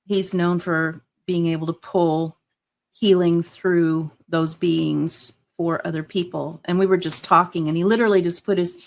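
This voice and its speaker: A woman with a fairly low voice speaks as a guest in a relaxed interview. She talks earnestly and with enthusiasm, filling her sentences with small fillers. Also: measured pace, gravelly. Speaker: guest, hypnotherapist. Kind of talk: casual interview chat.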